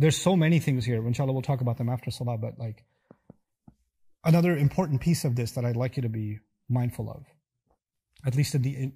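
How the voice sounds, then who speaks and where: A man giving a lecture, animated and acting out little dialogues in quoted voices. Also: medium pitch, husky. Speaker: speaker giving a talk. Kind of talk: lecture on scripture.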